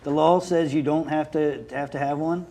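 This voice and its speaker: A man's voice: a little high, steady tone, moderate pace, mellow. Panel guest, man, city official, plain-spoken and advising. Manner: practical, advising. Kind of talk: talk show panel.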